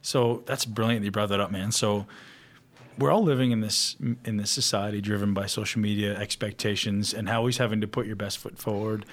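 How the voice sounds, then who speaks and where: A man's voice: on the low side, fairly even intonation, brisk. A man hosting a podcast, asking questions and reacting with enthusiasm and casual swearing. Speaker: podcast host.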